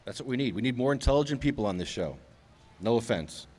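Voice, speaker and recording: A man's voice: medium pitch, animated, quick pace, noisy background. A man hosting a live podcast outdoors at a public event, chatting casually and teasing his co-host. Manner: joking, teasing.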